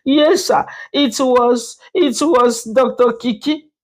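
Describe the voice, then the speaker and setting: A woman's voice: high voice, slow pace, pitched above the performer's own voice. Woman playing a sobbing housemaid. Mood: tearful confessing. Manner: pleading, breaking into cries. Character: frightened young housemaid, sobbing and pleading.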